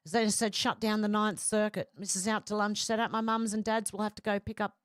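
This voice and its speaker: A woman's voice: medium pitch, little pitch movement, brisk, clean tone, no room sound, clean studio sound. A woman hosting a casual livestream, reading out viewer comments and rambling between them with many fillers and restarts. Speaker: livestream host reading chat.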